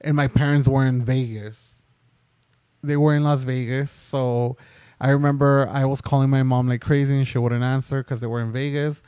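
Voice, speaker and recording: A man's voice: mid-range voice, level tone, normal speed, a little mellow, clear, resonant tone, dry recording. A young man in his twenties, co-hosting a podcast, telling a personal story in a casual, rambling way with many fillers. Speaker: podcast co-host.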